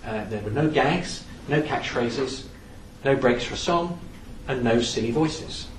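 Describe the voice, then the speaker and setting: A man giving a lively, anecdotal talk in a lecture-style storytelling manner. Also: mid-range voice, takes it slowly. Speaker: speaker on theatre history. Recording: echoey room from some distance, faint background noise.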